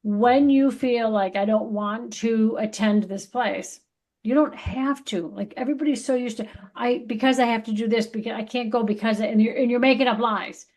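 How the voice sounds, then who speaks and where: A middle-aged woman co-hosting a podcast delivers a casual spiritual pep talk, emphatic and full of free swearing and acted-out voices of others. Her voice is fairly high with a steady, darkish tone at normal speed.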